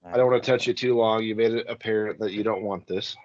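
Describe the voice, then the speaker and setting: A man's voice: on the low side, steady tone, fast, a little mellow, no echo, muffled recording. A man co-hosting a podcast, making crude sarcastic jokes and laughing. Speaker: podcast co-host. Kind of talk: casual comedic commentary.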